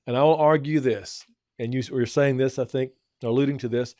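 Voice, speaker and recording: Speaking briskly in a medium-pitched, dark-toned voice with fairly even intonation, a man gives sincere parenting guidance as a family counselor on a church show. He restates his points for emphasis, and the studio recording is free of room sound.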